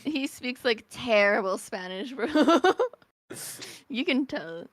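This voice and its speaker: Playful high-voiced woman co-streamer. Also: animated, slow pace, dry recording. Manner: playful, teasing. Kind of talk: casual gaming stream chat.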